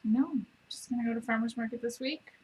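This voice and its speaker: A woman's voice: fairly high pitch, brisk, darkish tone, rough recording. A woman co-hosting a casual ranch livestream, chatty and plainspoken, with frequent laughter. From Wyoming. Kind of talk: casual live-stream chat.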